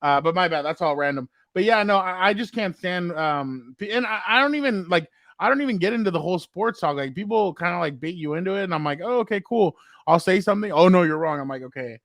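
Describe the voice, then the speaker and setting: A man's voice: high-pitched, lively intonation, quick pace, few pauses, a bit bright, no echo, clean studio sound. A man co-hosting a sports podcast in casual chat, rambling with lots of fillers and acted-out quotes. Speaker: podcast co-host.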